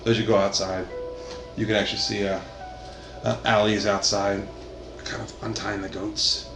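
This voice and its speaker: Gravelly-voiced man running a tabletop game. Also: lowish voice, flat delivery, normal speed. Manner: casual, rambling with fillers. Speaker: game master. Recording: echoey room with music behind.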